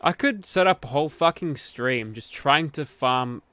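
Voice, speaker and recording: A man's voice: mid-range voice, animated, measured pace, a bit bright, no room sound. A man streaming a game, giving casual commentary while he mutters, grumbles and swears.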